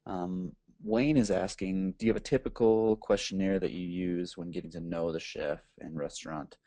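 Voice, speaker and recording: A man moderating a webinar, relaxed and informal as he reads out audience questions. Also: low-pitched, moderate pace, gravelly.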